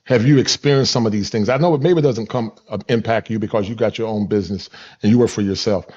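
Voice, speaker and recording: Fast-talking low-voiced male host. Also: a little mellow, muffled recording. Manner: fast, halting questions with repeated affirmations. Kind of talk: hosting a panel discussion.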